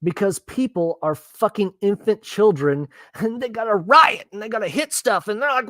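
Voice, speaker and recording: A man's voice: sits high, animated, moderate pace, a bit bright, no echo. A man ranting bluntly and profanely while reacting to the news in casual commentary. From Texas. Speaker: political commentary host.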